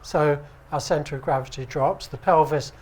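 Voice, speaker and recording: A British man teaching at an acupuncture conference, speaking in a relaxed, conversational way and often checking with the audience. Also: a little high, normal speed. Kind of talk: conference lecture. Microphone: handheld microphone.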